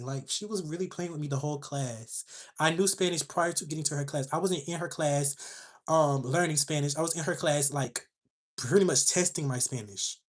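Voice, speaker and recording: A woman's voice: sits low, fairly quick. Sassy young woman livestreaming. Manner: sassy, animated storytelling to chat. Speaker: livestream host. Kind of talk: casual livestream storytelling.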